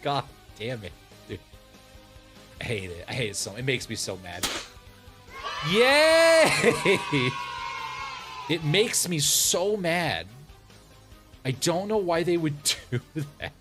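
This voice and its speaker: A man's voice: mid-range voice, normal speed, over music. A man streaming as a VTuber, ranting in casual, profane exasperation and breaking into laughter. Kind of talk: casual livestream rant.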